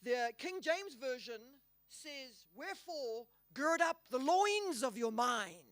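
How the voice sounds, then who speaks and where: A woman's voice: high-pitched, very animated, dry recording, studio quality. Earnest woman giving a faith talk. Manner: earnest, emphatic, slows down to stress key words. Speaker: conference speaker. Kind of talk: Christian conference talk. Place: hall.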